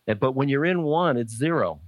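A man's voice: medium pitch, lively intonation, brisk, no room sound. A man giving an informal spiritual talk as a teacher, musing in a conversational, playfully blunt way as he answers a question.

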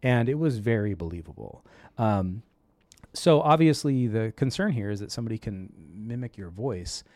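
A man hosts a casual tech talk show, animatedly telling stories and acting out the quoted voices in them. His voice is fairly low, his pace moderate, and the recording dry.

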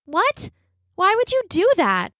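A woman putting on an earnest, imaginative little girl with a high, insistent voice. Her speech swoops up with wonder, recorded close and dry. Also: big pitch swings, a little slow, a bit bright, no room sound, full character voice.

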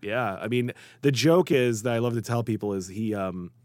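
A man's voice: medium pitch, moderate pace, no room sound. A man from the Chicago area, a guest writer, telling food stories in a casual interview and acting out the people he quotes. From Chicago area, USA. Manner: animated storyteller, quotes people in lively voices.

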